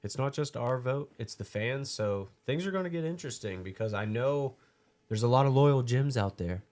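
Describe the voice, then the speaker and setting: A man's voice: mid-range voice, expressive, normal speed, darkish tone. A man co-hosting a casual combat sports podcast, teasing his co-hosts in an easygoing way. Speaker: podcast co-host. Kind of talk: casual chat.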